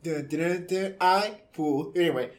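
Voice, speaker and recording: A man co-hosting a music podcast in casual chat, animated and laughing, jumping high in pitch for emphasis. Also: normal speed. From born in Louisiana, raised in Virginia. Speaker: podcast co-host.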